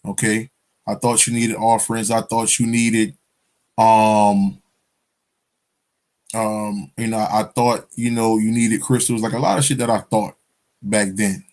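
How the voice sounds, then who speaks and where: Profane rambling male storyteller. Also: medium pitch. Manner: profane, rambling, keeps asking "you understand?". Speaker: spiritual vlogger. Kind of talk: casual storytelling monologue.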